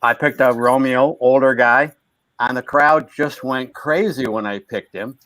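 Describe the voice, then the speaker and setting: A man's voice: mid-range voice, a little slow, a bit bright, dry recording. A man from Buffalo, a guest telling a joking, self-deflating story. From Buffalo, New York.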